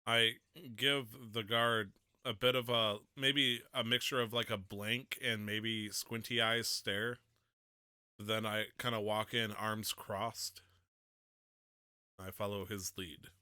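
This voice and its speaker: A man taking part as a player in a tabletop game, talking in a measured, deliberate way. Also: lowish voice, steady tone, sharp tone, clear, resonant tone, dry recording, studio quality. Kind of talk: tabletop role-play.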